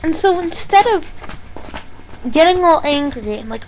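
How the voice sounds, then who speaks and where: A young woman with a high voice rants straight to camera, blunt and exasperated, with a sarcastic edge. A faint background noise sits under her voice. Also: expressive, measured pace, poor audio. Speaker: vlogger. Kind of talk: ranting vlog monologue.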